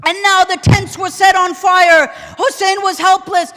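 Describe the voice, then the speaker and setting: A man preaching an impassioned mourning sermon in a large mosque hall, often shouting and chanting Arabic lines. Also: very high-pitched, level tone, measured pace. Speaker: sheikh. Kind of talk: Ashura majlis sermon. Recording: long hall reverb.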